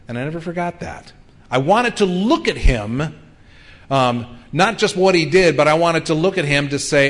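A man in his fifties delivers a sermon in a plain, conversational way. He sounds earnest and speaks at an ordinary mid pitch, often pausing on an um. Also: lively intonation. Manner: earnest, conversational preaching with frequent ums. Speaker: pastor.

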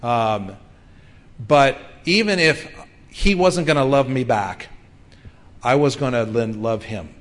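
A man's voice: medium pitch, animated, takes it slowly, long pauses. Earnest middle-aged male pastor preaching. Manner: earnest, conversational preaching with frequent ums. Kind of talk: sermon.

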